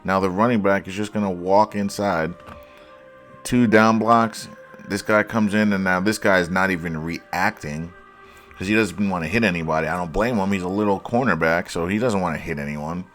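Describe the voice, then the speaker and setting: A man's voice: deep voice, normal speed, fairly bright tone, soft background music. A man giving a casual, sarcastic breakdown of football plays, mocking the mistakes bluntly as he analyzes the film.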